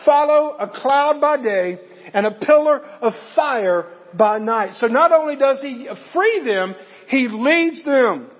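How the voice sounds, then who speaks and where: High-voiced preacher, echoing hall. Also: male voice, expressive, takes it slowly. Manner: folksy, earnest preaching with rising emphasis. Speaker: pastor. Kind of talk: sermon. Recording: muffled sound in a reverberant hall.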